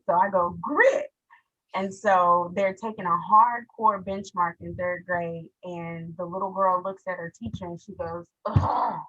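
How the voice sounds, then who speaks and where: A woman's voice: lowish voice, sharp tone. A woman, a school counselor speaking earnestly and near tears on a panel. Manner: tearful, earnest, heartfelt. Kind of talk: panel discussion, emotional sharing. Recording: dull lo-fi audio.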